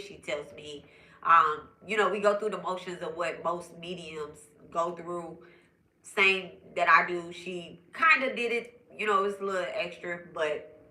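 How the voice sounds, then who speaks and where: A woman's voice: lowish voice, roomy sound, rough recording. A young woman, a spiritual medium, chatting to her viewers as she tells a personal story. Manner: chatty, animated, addresses viewers directly.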